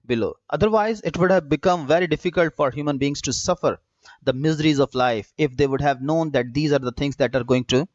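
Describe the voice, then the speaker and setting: A man teaching a literature lesson in a measured, explanatory way, with frequent "uh" fillers. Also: on the high side, no echo. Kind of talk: recorded lecture. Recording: dull, dry lo-fi recording.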